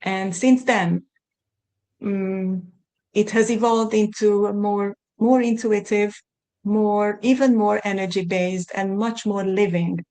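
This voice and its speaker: A middle-aged Hungarian woman speaks as an interview guest, her English carrying a clear Hungarian accent. She talks at a middling pitch, pausing and restarting as she gathers her thoughts. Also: fairly even intonation, mellow. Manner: thoughtful, searching for words with many restarts. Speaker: podcast guest, consultant. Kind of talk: conversational interview.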